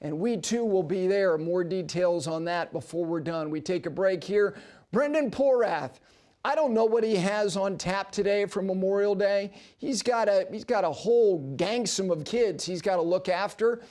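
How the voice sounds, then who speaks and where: A man's voice: high voice, normal speed. A man hosting a golf talk show on television, telling stories and making emphatic points in a broadcast studio. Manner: animated storyteller with emphatic asides. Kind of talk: broadcast sports commentary.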